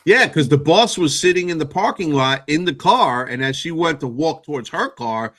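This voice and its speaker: A man's voice: on the high side, normal speed. Laid-back man retelling a TV plot. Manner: relaxed storyteller, acts out dialogue. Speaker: podcast co-host. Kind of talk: casual TV recap chat.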